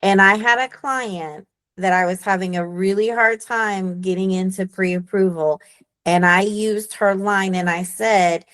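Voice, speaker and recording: A woman's voice: mid-range voice, fairly even intonation, measured pace, a bit bright, clear, resonant tone. Woman agent telling her team a client story, chatty, mid voice. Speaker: real estate agent. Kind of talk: sharing a story on a group call.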